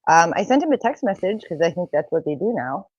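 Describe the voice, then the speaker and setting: A woman co-hosting a casual live-streamed chat, chatty and teasing, quick to giggle. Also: lowish voice, sing-song, darkish tone, breathy edge, no room sound, highs cut off. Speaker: podcast co-host.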